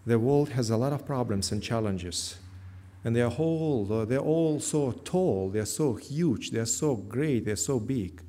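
A man's voice: medium pitch, animated, measured pace, mellow. A man preaching a sermon as pastor, earnest, repeating his key phrases with slightly non-native grammar. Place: church.

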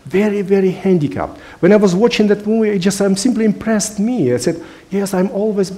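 A man's voice: sits high, animated, a little fast, warm tone. A man preaching a sermon in English, which is not his first language, earnest and emphatic with frequent hesitations. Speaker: pastor.

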